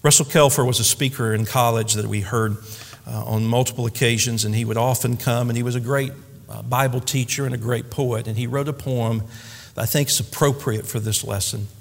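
A man's voice: mid-range voice, steady tone, a little fast, gravelly. A man preaching a sermon as pastor, with an emphatic, repetitive preaching cadence. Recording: reverberant hall.

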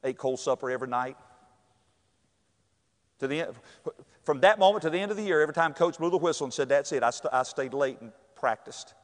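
A middle-aged man, telling a personal story with animated acted-out voices and shouts. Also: fairly high pitch, a little fast, long pauses, big-room sound.

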